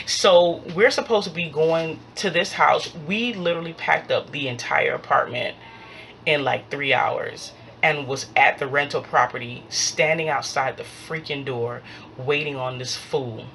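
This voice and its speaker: Low-voiced woman telling a storytime. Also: unhurried, slight background noise. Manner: animated, acts out every quoted line. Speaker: vlogger. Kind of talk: storytime vlog.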